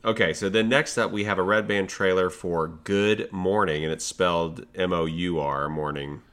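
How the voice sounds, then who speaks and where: Man, deep voice, bright edge, joking podcast co-host, casual chat. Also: fairly even intonation, moderate pace, clear, resonant tone. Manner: jokey, sarcastic asides. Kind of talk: casual chat about movie trailers.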